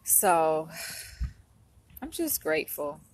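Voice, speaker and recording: A woman's voice: sits low, big pitch swings, slow. A woman vlogging to her viewers, emotional and close to tears, speaking in a heartfelt way and often repeating herself. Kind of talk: emotional vlog to camera.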